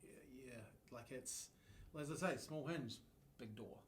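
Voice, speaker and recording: A man hosting a business podcast, enthusiastic and quick to agree, often trailing off mid-sentence. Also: mid-range voice, crowd noise. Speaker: podcast host. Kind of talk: casual podcast conversation.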